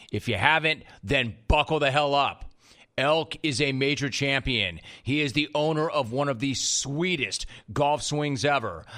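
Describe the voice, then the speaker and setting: Punchy bright-toned male podcast host. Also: mid-range voice. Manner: punchy, emphatic delivery. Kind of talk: scripted intro and ad read.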